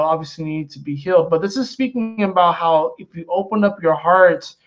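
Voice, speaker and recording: A man giving a casual, rambling astrology and tarot reading, full of fillers and repeated phrases. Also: fairly high pitch. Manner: rambling, conversational, many fillers and repetitions. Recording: dull lo-fi sound.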